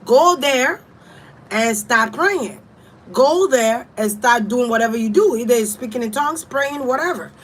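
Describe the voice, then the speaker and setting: Woman tarot reader, casual and blunt, swears freely, slightly high voice. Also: expressive, unhurried, breathy edge, rough recording. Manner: blunt, profane, emphatic. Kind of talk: casual spiritual advice.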